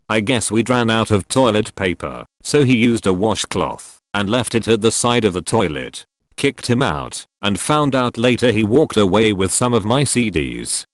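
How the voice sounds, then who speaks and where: A man narrating forum stories in a steady, even scripted read. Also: on the low side, dry recording.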